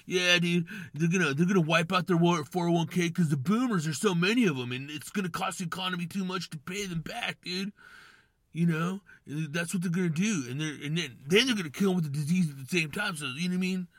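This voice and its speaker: A man voicing a jittery tinfoil-hat conspiracy guy, pitched up and pushy, bright and dry. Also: a little fast, no room sound. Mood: conspiratorial. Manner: breathless, insistent, repeats "dude". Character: excitable male conspiracy theorist, tinfoil-hat type.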